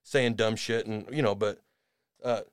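A man hosting a podcast in a rambling, sarcastic comedic rant, dropping to mutters and rising to shouts. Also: on the low side, steady tone, unhurried, clean tone, no room sound, clean studio sound. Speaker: podcast host.

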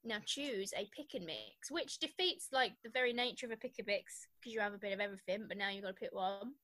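A woman's voice: medium pitch, fast, sharp tone. A woman in her twenties co-hosting a casual podcast, teasing and dry, with sarcastic asides. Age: 20s. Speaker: podcast co-host. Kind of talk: casual chat.

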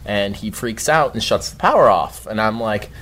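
A young man telling a story in casual talk, animated, swearing often and shouting his own outbursts. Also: on the low side, normal speed. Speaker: guest storyteller.

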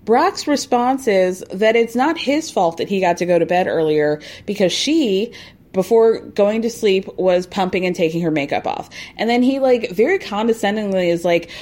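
A woman's voice: mid-range voice, expressive, normal speed, darkish tone. A woman recapping a reality show in casual, opinionated commentary, with sarcastic asides and put-on voices for quotes.

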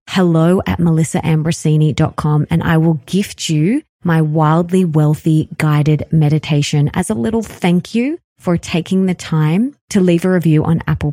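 Warm, earnest woman podcaster in her thirties. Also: low voice, no echo, studio quality. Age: 30s. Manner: earnest, effusive and repetitive, slowing down for emphasis. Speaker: podcast host. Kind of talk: heartfelt solo podcast monologue.

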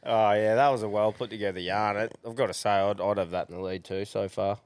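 A man's voice: lowish voice, fairly even intonation, quick pace, clear, resonant tone. A young Australian man co-hosting a podcast in easygoing casual chat. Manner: easygoing, laughs along. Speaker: podcast co-host.

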